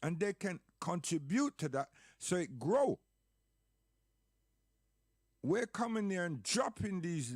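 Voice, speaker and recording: A man speaks in an impassioned, emphatic monologue, hammering points with repetition and rhetorical questions. His voice sits a little high. The recording is dry and close, with no room sound. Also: dry recording.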